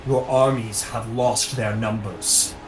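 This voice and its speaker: A man's voice: lowish voice, steady tone, slow pace, echoey room, faint music behind. Man voicing a stern celestial judge. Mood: commanding.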